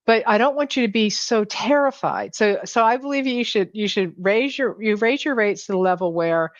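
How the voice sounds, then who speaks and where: Woman, pricing coach, animated, restarts often, dry lo-fi call audio. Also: medium pitch, moderate pace, no room sound. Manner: animated, many restarts and self-corrections. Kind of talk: conversational interview. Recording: dull lo-fi sound, dry.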